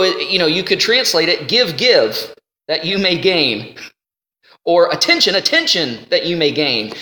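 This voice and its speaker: A man teaching a sermon in a conversational, animated way, slowing down to read scripture. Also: sits high. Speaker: Bible teacher. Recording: roomy hall with long reverb.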